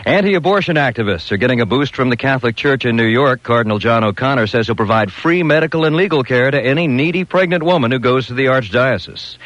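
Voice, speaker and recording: Dry, crisp male radio newsreader. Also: mid-range voice, lively intonation, fairly bright tone, dry recording. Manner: crisp, brisk delivery with light wordplay. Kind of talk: news reading. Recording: dull lo-fi radio broadcast.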